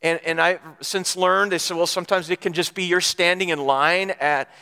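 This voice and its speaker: A man with a high, bright voice preaches in a casual storytelling way. He often stumbles and restarts as he talks. The sound carries a long echo from a large hall. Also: fairly even intonation, moderate pace, smooth. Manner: conversational storytelling with frequent restarts. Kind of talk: sermon with personal story.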